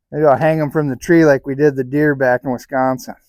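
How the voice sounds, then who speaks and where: A man casually demonstrating gear in a barn for a vlog, playful and quick to chuckle, sometimes squeaking like a rat. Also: steady tone, darkish tone, no echo. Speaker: YouTuber testing rat traps. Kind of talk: casual hands-on demo vlog.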